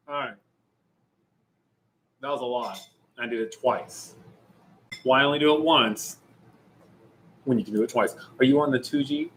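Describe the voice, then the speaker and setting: A man's voice: mid-range voice, a little slow, pauses often, a bit bright, slight background noise, poor audio. A young man and youth pastor chatting casually and jokingly with viewers on a livestream. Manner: jokey, playful, chatty with viewers.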